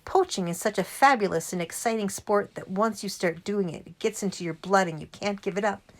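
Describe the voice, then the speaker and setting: A woman voicing a cheerful middle-aged father who loves telling tales, lively and relishing every word. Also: medium pitch, brisk, lightly acted. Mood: storytelling.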